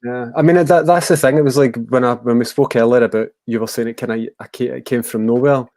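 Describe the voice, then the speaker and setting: A man's voice: mid-range voice, steady tone, quick pace, darkish tone, no echo. A man with a West of Scotland accent, a musician guest talking casually in a rambling, hesitant way with many fillers. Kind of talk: casual interview chat.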